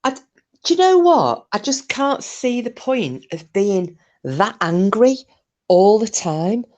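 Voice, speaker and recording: A woman's voice: medium pitch, big pitch swings, takes it slowly, a little mellow, lo-fi sound. A woman hosts a casual livestream, reading comments aloud in a chatty, sweary way. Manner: chatty, sweary, laughs easily. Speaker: livestream host.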